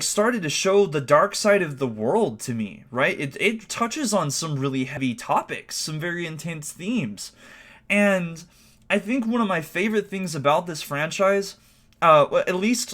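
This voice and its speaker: A man in his twenties streaming live, talking casually in an excitable, emotional way with lots of fillers. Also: a little high. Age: 20s.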